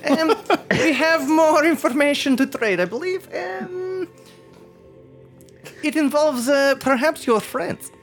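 A player voicing a foreign male adventurer who speaks in halting, ungrammatical but polite phrases in a tabletop game. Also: high-pitched, lively intonation, faint music behind, voice pushed up, heavily acted. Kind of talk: tabletop role-play as a character.

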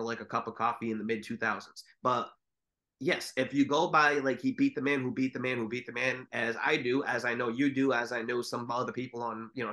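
A man's voice: medium pitch, fairly bright tone. A man co-hosting a podcast, chatting casually and rambling with swearing. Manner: rambling, swears, mimics commentators. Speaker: podcast co-host. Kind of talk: casual chat.

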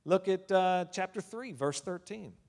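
A male preacher delivering a sermon in a large church hall, his voice trailing off in a long reverb. He sits a little higher than most men, dropping to near-murmurs and then surging into loud, ringing declarations. Hallelujahs and amens punctuate his points. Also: a little slow. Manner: swings between hushed asides and loud emphatic declarations; calls out hallelujah and amen between points.

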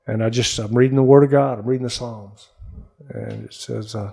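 Gravelly older man telling stories. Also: mid-range voice, moderate pace. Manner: lively storyteller, acts out quotes. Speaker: interview guest, former pro baseball player. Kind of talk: animated storytelling in conversation. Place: studio.

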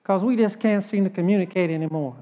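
A man putting on a muddled, halting old woman. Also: high voice, muffled recording, a little hiss or hum, close to an everyday voice. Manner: halting, drawn-out, hesitant speech. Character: confused, slow-witted older woman. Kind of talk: joke told in a sermon.

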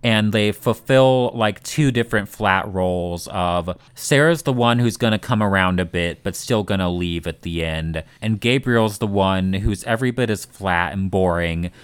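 A man's voice: fairly low pitch, normal speed, few pauses, clean tone, no room sound. A man co-hosting a podcast in casual chat, blunt and critical, swearing freely and wandering into asides. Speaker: podcast co-host.

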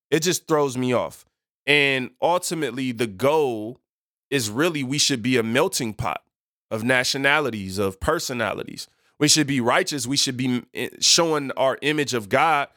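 A man hosting a faith podcast gives casual Bible teaching in a mid-pitched voice. He rambles, corrects himself, and drops to a quieter voice for asides. The sound is dry and close, with no room around it. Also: dry recording. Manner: rambling and self-correcting, often apologizing, dropping to a quieter voice for asides.

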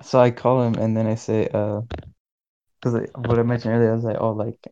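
A man's voice: medium pitch, level tone, brisk, warm tone, lo-fi sound, slight background noise. A young man in his late teens, co-hosting a podcast, telling a story in a laid-back way full of filler words. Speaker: podcast co-host. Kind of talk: casual storytelling chat.

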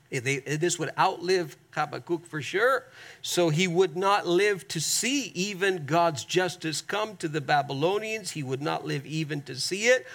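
A man's voice: high voice, fairly bright tone. A man preaching a sermon, stretching key words and asking the congregation to repeat after him. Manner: emphatic, drawn-out stresses, asks the congregation to repeat. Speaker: pastor.

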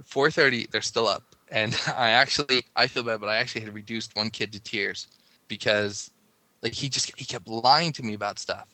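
A man's voice: on the low side, normal speed, pushed and bright, dry recording. A man casually telling a long story, rambling and breaking off mid-sentence with lots of "like". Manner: rambling, self-interrupting, lots of "like".

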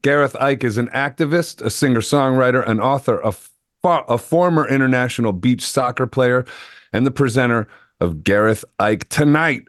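A man's voice: lowish voice, no echo, studio quality. A man hosting an interview show, chatting in a playful, rambling way that jumps between tangents. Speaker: show host. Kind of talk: casual interview chat.

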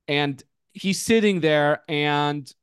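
A man in his thirties hosting a podcast, telling stories in an animated, swear-heavy, casual way. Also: a little high, takes it slowly, clear, resonant tone, no room sound, studio quality. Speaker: podcast host.

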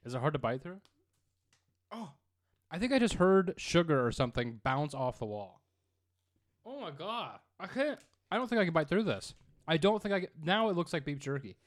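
A man's voice: fairly high pitch, sing-song, a little fast. A man co-hosting a podcast in casual chat, joking and swearing as he rambles. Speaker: podcast co-host.

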